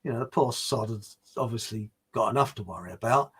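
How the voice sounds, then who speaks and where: A man's voice: medium pitch, a little fast, a bit bright, husky. A man hosting a live stream, chatting casually and rambling as he answers viewers, chuckling often.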